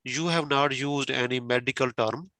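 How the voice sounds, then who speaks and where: Bright-voiced man tutoring with many fillers. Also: mid-range voice, fairly even intonation, normal speed, dry recording, rough recording. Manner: repeats "okay" and "you know" often, many fillers; patient, explains step by step with everyday examples. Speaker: tutor giving exam feedback. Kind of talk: spoken feedback on a mock speaking exam.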